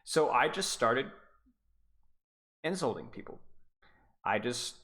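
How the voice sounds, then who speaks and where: A man's voice: medium pitch, lively intonation, takes it slowly, gravelly, bright, forceful tone. A man who coaches esports, talking casually on a live stream in a rambling way, stumbling and restarting his sentences. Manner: rambling, stuttering, with frequent restarts.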